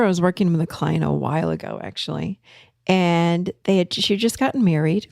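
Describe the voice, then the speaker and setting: A woman's voice: fairly low pitch, dry recording, studio quality. A woman therapist talking casually to her audience, telling a client story and acting out the people in it. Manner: storytelling, animated when quoting others. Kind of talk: casual talk.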